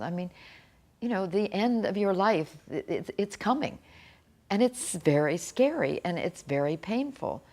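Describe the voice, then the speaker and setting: Middle-aged woman, lowish voice with some fry, earnest and halting, interview-style personal account. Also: a little mellow. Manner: earnest, halting, with frequent restarts. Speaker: author interviewee.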